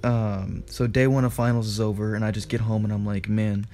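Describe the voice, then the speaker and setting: A young man co-hosting a podcast, telling a story in a casual, animated way with quick asides, laughs and swearing. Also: lowish voice, soft background music. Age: young adult. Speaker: podcast co-host.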